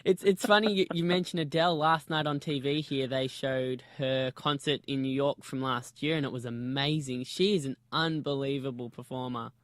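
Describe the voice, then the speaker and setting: A man's voice: mid-range voice, fairly even intonation, normal speed, hardly any pauses, a bit bright, no echo. A man hosting a casual interview, explaining things hesitantly and laughing easily.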